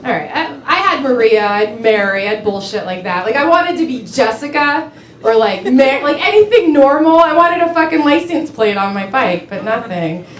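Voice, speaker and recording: On a small club stage, a young woman performs a chatty, self-mocking stand-up set, saying "like" constantly and laughing at her own jokes. Her fairly high voice has lively intonation at normal speed, recorded in an echoey club with audience laughter and chatter.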